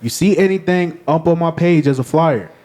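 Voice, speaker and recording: A man's voice: a little high, moderate pace, warm tone. A man appearing as a musician guest on a podcast, telling stories in an emphatic, playful way. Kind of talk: casual chat.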